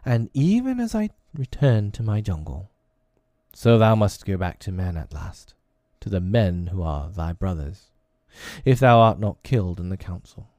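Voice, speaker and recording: A man's voice: deep voice, big pitch swings, unhurried, a little mellow, no echo. A man voicing a wise, protective male panther who speaks solemnly and tenderly in a storybook reading. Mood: grave, tender.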